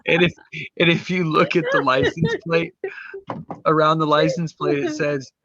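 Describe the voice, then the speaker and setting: A man's voice: a little high, steady tone, normal speed, a crowd in the background. A man co-hosting a casual show, describing pictures and reading their captions aloud, often giggling. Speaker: co-host. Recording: dull lo-fi call audio, dry.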